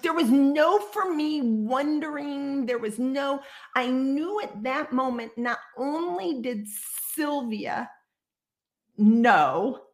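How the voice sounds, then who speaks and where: A woman in her sixties from Iowa with a slightly high voice tells her story as a guest over a video call. She talks casually and animatedly and slips into the voices of the people she quotes. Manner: lively storyteller who acts out quoted dialogue. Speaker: guest psychic medium.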